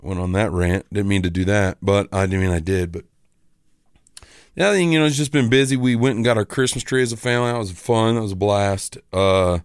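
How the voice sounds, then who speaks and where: A man's voice: fairly low pitch, no echo, studio quality. A man hosting a podcast, ranting casually and with irritation, with some swearing. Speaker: podcast host.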